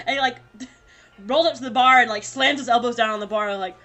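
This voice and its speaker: A woman runs a tabletop game, describing the scene in a loose, laughing way. Her voice is bright and slightly high. Soft music plays underneath. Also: fairly even intonation, fast. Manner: casual, laughing narration. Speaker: game master.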